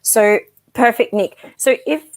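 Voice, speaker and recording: A woman's voice: a little high, a little slow. A woman hosting a live-stream psychic reading, chatty and affectionate, with frequent ums and endearments. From Australia. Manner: chatty and affectionate, calls viewers darling, many ums. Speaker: psychic medium guest host.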